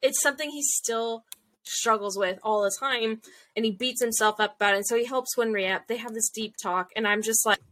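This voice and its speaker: A woman's voice: a little high, brisk, a bit bright. A young woman chatting casually, recapping episodes with lots of fillers and acted-out quotes. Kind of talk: casual chat recapping an anime.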